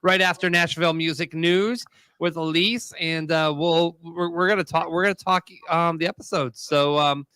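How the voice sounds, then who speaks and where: A man's voice: a little high, steady tone, moderate pace, pushed and bright, clean tone, no echo. A man hosting a casual interview, asking questions and wrapping up the segment. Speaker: show host.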